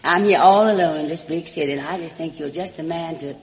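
A woman's voice: low voice, a little fast. A woman with a Southern US accent hosting a radio variety show, delivering a comic monologue in a theatrical drawl, calling everyone darling. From Alabama, US South. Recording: muffled old radio broadcast with hall reverb and faint hiss.

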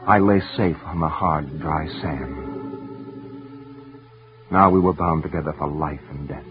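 A man giving earnest, intense first-person dramatic narration for a radio story, sometimes dropping to hushed tones. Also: low-pitched. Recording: tinny old radio broadcast with faint music.

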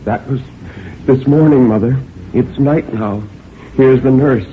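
A man's voice: medium pitch, measured pace, a little hiss or hum, pitched above the performer's own voice, natural voice. A man voicing a worried grown daughter at her mother's deathbed, pleading and soothing. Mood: coaxing. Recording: tinny old radio recording.

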